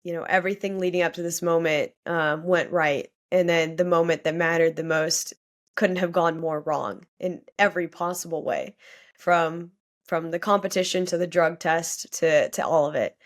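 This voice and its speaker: A young woman speaks as a podcast guest, her voice sitting a little low for a woman. She tells a hard personal story openly and with feeling, dropping "like" often as she goes. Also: fairly even intonation, moderate pace. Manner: candid, emotional storytelling, often saying "like". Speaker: guest athlete.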